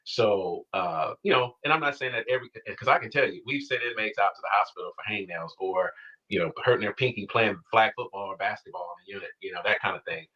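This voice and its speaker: Deep-voiced man in a dull news clip. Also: sharp tone, slightly rough. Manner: measured, explanatory, many fillers. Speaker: former prison official interviewed on news. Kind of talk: news interview.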